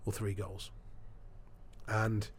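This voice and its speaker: Speaking extremely slowly in a low, slightly rough voice, a man who works as a sports broadcaster shares stories during a podcast interview. He's a lively teller, performing the voices of the people he quotes.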